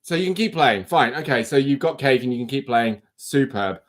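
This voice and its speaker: A young man runs a casual quiz livestream from his phone, chatty and teasing as he reads questions and multiple-choice answers aloud. His voice sits at medium pitch and moves briskly.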